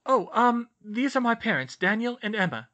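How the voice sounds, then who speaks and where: A man's voice: sits high, big pitch swings, moderate pace, sharp tone, voice pushed up, exaggerated voice. A man voicing a nervous, earnest teenage girl in an audiobook reading.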